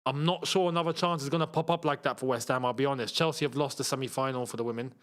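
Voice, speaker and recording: A young man hosting a live football watchalong, chatting to his viewers and reacting loudly to missed chances. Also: medium pitch, rapid-fire. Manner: excitable, shouts at missed chances, banters with chat. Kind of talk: live match watchalong commentary.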